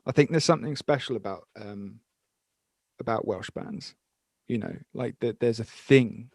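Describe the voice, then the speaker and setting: A man from Brighton hosting a podcast, chatting loosely and swearing freely. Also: mid-range voice, moderate pace, vocal fry, no echo, studio quality. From Brighton, England. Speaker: podcast host. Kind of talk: casual interview chat.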